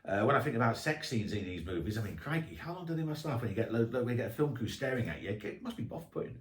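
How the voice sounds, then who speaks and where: A man speaking quickly in a chatty, anecdotal way as a podcast guest. His voice sits at an ordinary pitch for a man. A roomy echo hangs around him. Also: animated. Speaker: guest author and historian. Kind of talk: casual interview chat. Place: podcast recording room.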